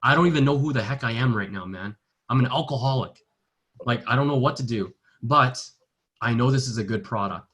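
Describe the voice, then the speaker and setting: A young man speaks earnestly, recounting his own story. His voice sits in a middle pitch, and he slips into the voices of the people he quotes. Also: a little fast, fairly bright tone, highs cut off. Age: young adult. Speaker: network marketing distributor. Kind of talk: personal testimony in a training talk.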